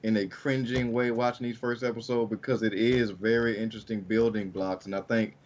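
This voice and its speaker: A man co-hosting a podcast, talking in a halting way full of fillers and trailing off. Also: on the low side, level tone, highs cut off, slight background noise. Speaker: podcast co-host. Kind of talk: casual chat.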